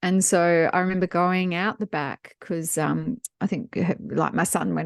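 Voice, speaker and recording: A woman co-hosting a business podcast, telling personal stories in an animated way. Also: fairly low pitch, moderate pace, vocal fry, few pauses, no room sound, clean studio sound. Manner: warm storyteller, animated when retelling scenes. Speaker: podcast co-host. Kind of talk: casual business podcast chat, storytelling.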